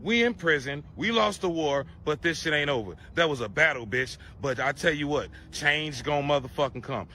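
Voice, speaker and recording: A man's voice: a little high, animated, moderate pace, hardly any pauses, sharp tone, slight background noise. A man delivering a profane conspiracy rant to camera, preachy and crude, firing off rhetorical questions.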